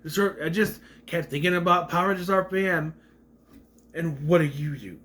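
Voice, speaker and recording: A movie reviewer with a slightly high, somewhat bright voice delivers a casual, rambling rant at normal speed, acting out quotes in raised voices. He speaks with a slight stutter and mentions it himself.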